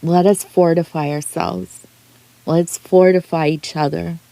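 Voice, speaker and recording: Slow, earnest woman reader, lowish voice. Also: little pitch movement, vocal fry, warm tone, no echo. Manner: slow, rambling, earnest, with many restarts. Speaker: tea leaf reader. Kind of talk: heartfelt spoken aside in a reading video.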